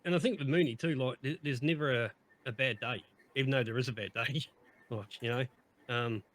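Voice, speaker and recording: A man's voice: medium pitch, a little fast, fairly bright tone, a little hiss or hum. A man chatting on a podcast, emphatic and upbeat, repeating himself and swearing heavily. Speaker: streamer on podcast. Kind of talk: casual chat.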